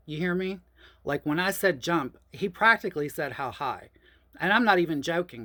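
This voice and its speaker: Animated woman in her fifties. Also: low voice. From New Orleans, USA. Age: 50s. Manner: animated, profane, chatty, addresses listeners as y'all. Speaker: host. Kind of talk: casual personal storytelling.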